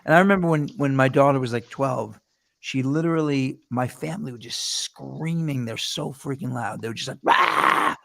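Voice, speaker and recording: A man hosting a casual chat show, telling rambling stories with quick laughs and restarts. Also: medium pitch, creaky. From New York. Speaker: host.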